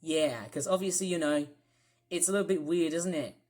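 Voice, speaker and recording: A woman's voice: deep voice, normal speed, a little mellow. A woman with an Australian accent chatting casually to camera as a vlogger, rambling and filling her talk with "you know" and restarts.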